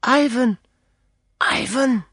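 A man's voice: very slow, husky, no room sound, clean studio sound, exaggerated voice. Man putting on a timid young girl's voice. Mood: urgent whisper. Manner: high, pleading and hushed. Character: frightened young captive girl, timid and tender.

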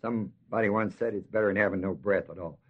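A man with a lowish voice preaches a folksy expository sermon on a Bible passage against a noisy background, on a dull lo-fi sermon tape. He emphatically draws out key words and quizzes the audience.

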